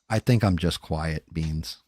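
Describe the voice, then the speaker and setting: A man's voice: very deep voice, creaky, darkish tone, dry recording, studio quality. A tired man hosting a livestream, chatting casually and profanely in a rambling, mumbling way while he paints. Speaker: livestream host.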